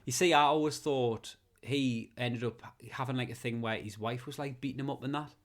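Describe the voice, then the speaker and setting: A man's voice: mid-range voice, steady tone, moderate pace. A man, co-hosting a casual comedy podcast, rambling and swearing through his rants. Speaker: podcast co-host.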